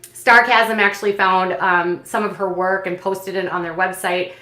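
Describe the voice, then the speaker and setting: Woman recapping reality TV, gossipy and opinionated, bright sharp voice, roomy echo. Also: lowish voice, moderate pace. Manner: gossipy, opinionated, animated retelling with filler words. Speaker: commentary channel host.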